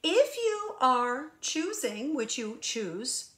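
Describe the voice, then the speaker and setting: A woman giving a spiritual guidance monologue as a hypnotherapist and intuitive channeler. She speaks emphatically and preaches through rhetorical questions, moving between hushed asides and raised emphasis. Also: sits high, sing-song, extremely slow.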